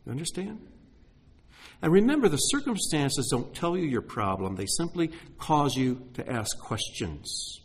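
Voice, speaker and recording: A middle-aged man delivers a sermon in a slightly husky voice. His pitch moves a lot, dropping to hushed, heartfelt asides and rising into excited exclamations. He talks with open emotion. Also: measured pace. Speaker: pastor.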